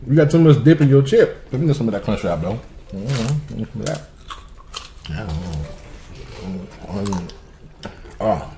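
A man's voice: fairly low pitch, lively intonation, normal speed, long pauses, warm tone. A young man hosting a casual mukbang vlog, teasing his kid playfully while he eats. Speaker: family vlogger and dad.

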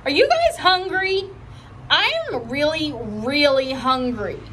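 A woman's voice: high voice, big pitch swings, a bit bright, a little hiss or hum, pitched above the performer's own voice, heavily acted. Woman doing an eager, pleading little girl. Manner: eager, pleading, drawn-out words. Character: bossy, chatty little girl narrator-heroine.

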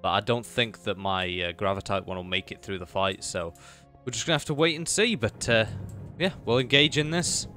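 A young man commentating a video game, excitable, chatting to enemies and pets and swinging from low mutters to high exclamations. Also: fairly quick, soft background music. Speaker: gaming YouTuber. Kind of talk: live gameplay commentary.

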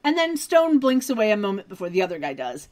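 A woman's voice: medium pitch, sing-song, fast talker. A young adult woman co-hosting a podcast, recapping a TV episode in casual chat with detailed, wry asides.

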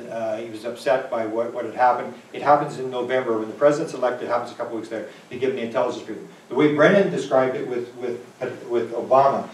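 A man's voice: mid-range voice, roomy sound, recorded from a distance, a little hiss or hum, rough recording. A man answering audience questions as a UFO researcher, telling rambling stories full of quoted dialogue. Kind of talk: conference Q&A answer. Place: lecture hall.

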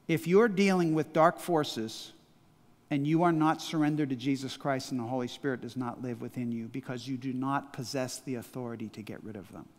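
This pastor's voice is fairly high and fairly bright. He's a Midwestern American man in his sixties preaching with emphatic call-and-response, and the big church hall gives a long reverb.

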